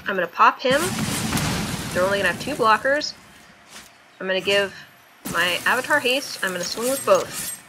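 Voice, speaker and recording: A young adult woman chatting casually and thinking out loud as she plays a card game. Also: mid-range voice, animated, normal speed, long pauses, background noise. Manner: chatty, thinks aloud while playing. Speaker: streamer. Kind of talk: casual gameplay commentary.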